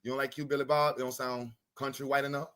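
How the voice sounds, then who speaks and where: A man voicing a mocking country white man who slows his words and calls out like a preacher at a rally. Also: mid-range voice, little pitch movement, fairly bright tone, smooth, pitched below the performer's own voice, close to an everyday voice. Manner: drawn-out preacher-style rally cries.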